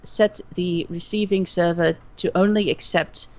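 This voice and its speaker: A woman co-hosting a livestream in casual chat, talking haltingly with many fillers and restarts. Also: on the low side, fairly even intonation, darkish tone, poor audio. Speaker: stream co-host.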